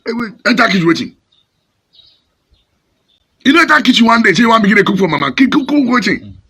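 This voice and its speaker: A Nigerian pastor preaching in a fiery, scolding, dramatic way, mixing Pidgin and English. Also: male voice, high-pitched, sing-song, fast, a bit bright, husky.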